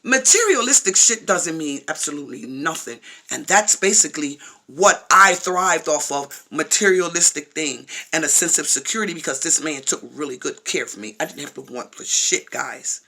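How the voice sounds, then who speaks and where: A woman's voice: deep voice, expressive, moderate pace, hardly any pauses, pushed and bright. A woman telling her own story to her viewers in a casual vlog, blunt and emphatic, swearing freely. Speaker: vlogger.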